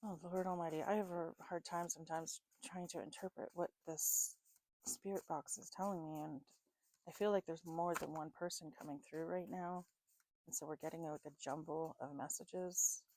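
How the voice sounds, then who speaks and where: A woman's voice: low voice, fairly even intonation, normal speed, a little mellow, no room sound. A North American woman doing a casual tarot and spirit box reading, musing aloud and often checking in with "okay?". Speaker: tarot reader.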